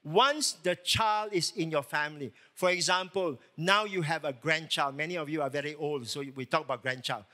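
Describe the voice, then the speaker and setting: Emphatic bright-voiced male pastor preaching. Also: on the high side, moderate pace, hardly any pauses. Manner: emphatic preaching with rhetorical questions. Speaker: lead pastor. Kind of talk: sermon.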